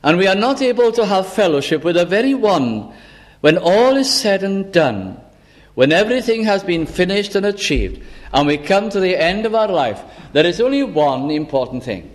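A man preaching a sermon, slow and deliberate, repeating key phrases for emphasis. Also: sits high, sing-song.

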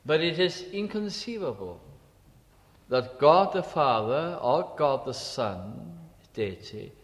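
A man preaching a sermon, slow and emphatic, repeating key phrases and dropping to quiet asides. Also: on the high side, sing-song, big-room sound.

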